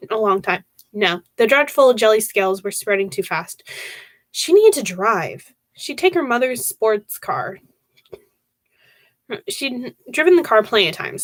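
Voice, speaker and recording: A woman streamer reading a horror novel aloud, expressive, with occasional stumbles and restarts. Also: medium pitch, no room sound.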